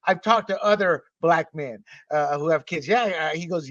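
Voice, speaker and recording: A man's voice: fairly high pitch, moderate pace, few pauses, a bit bright, no echo. A male podcast host in a casual panel discussion, blunt and mocking, acting out other people's voices as he talks. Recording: muffled, distant mic.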